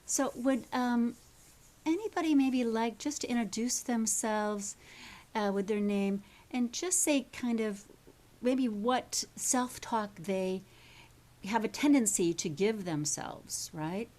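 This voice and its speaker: A woman's voice: on the high side, slow, a little mellow. A woman coaching a live workshop group, talking in a chatty, rambling way and often checking in with the listeners.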